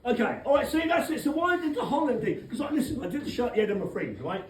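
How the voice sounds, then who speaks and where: A man's voice: very high voice, sing-song, quick pace. An English man doing a rowdy, cheeky stand-up set in a comedy club and teasing the crowd, with the audience laughing. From England. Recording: echoey club from far off, crowd noise.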